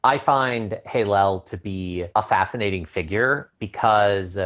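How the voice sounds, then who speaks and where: A man's voice: fairly low pitch, unhurried, a bit bright. A man co-hosting a casual podcast review, talking in a thoughtful, analytical way. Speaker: podcast co-host.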